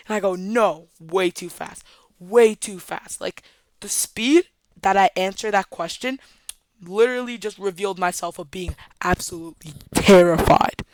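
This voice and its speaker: Young adult vlogger, mid-pitched, dramatic casual storytime delivery, dry close mic. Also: no echo.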